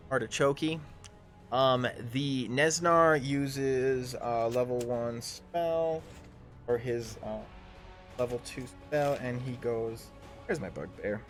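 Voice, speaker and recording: A man narrating a live tabletop game as game master, halting often with ums and restarts. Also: mid-range voice, soft background music.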